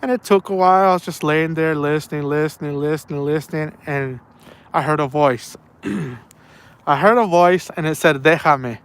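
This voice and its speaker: A man's voice: a little high, normal speed, smooth. A man telling a story casually outdoors at night. He rambles and repeats himself and drops slang like "man" and "bro". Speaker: angler telling stories on a night fishing trip.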